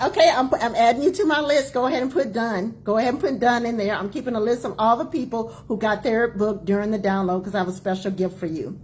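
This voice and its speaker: A woman in her forties, a doctor and author hosting her own book launch, talking live to viewers with emphatic repetition and quick greetings to people joining. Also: mid-range voice, a little mellow, a little hiss or hum. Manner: emphatic, repeats key phrases, calls out greetings to viewers. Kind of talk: live-streamed talk to viewers.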